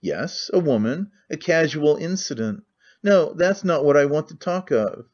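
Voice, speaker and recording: A man's voice: on the high side, animated, a little slow, a little mellow. A man voicing a cynical, talkative middle-aged nobleman who rambles with languid candor, on a muffled lo-fi recording.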